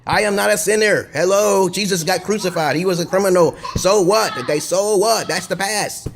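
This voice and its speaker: A man with a high voice rants straight to camera in a loose vlog monologue. He swears constantly and wanders from point to point. He keeps circling back to check in with a quick "okay?". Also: creaky, a little hiss or hum. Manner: profane, rambling, digressive monologue; repeats himself and checks in with "okay?". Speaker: video blogger. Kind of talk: casual vlog rant to camera.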